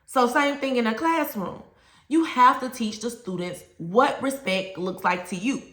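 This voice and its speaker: Bright-voiced Southern woman teaching. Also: on the high side, unhurried, echoey room. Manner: emphatic, projecting, plain-spoken. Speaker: teacher trainer. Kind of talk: teaching talk to camera.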